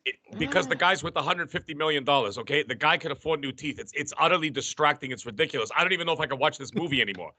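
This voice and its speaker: A man's voice: on the high side, rapid-fire, hardly any pauses, slight background noise. A Canadian man chatting on a gaming show, ranting and laughing a lot, with a voice he says is worn out. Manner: animated, ranting, laughs often. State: losing his voice. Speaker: show regular. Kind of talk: casual chat. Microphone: headset.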